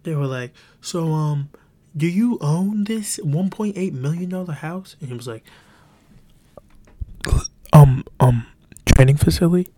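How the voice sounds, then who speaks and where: A man imitating an evasive male preacher with a high voice who stalls with hesitant answers. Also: expressive, moderate pace, mellow. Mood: squeaky.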